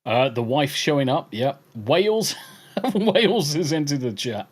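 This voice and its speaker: Reading the chat on his podcast, an English man banters casually, laughing and cursing without restraint. His fairly high voice swings widely in pitch at a normal speed.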